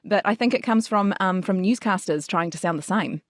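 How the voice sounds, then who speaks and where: A woman's voice: mid-range voice, brisk, dry recording, studio quality. Rambling New woman. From New Zealand. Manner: rambling, loose, thinks aloud. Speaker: voice actor podcast host. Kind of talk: casual chat.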